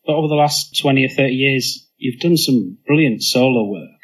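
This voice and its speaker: A man's voice: medium pitch, normal speed, rough recording. Guy with an average voice asking short questions at a live interview. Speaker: interviewer, host. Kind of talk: on-stage interview.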